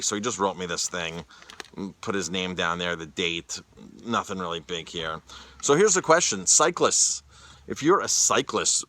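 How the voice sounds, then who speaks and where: Male vlogger, lowish forceful voice, casual animated storytelling, lots of restarts. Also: unhurried. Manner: animated, often repeats and restarts words. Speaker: chef and cyclist vlogger.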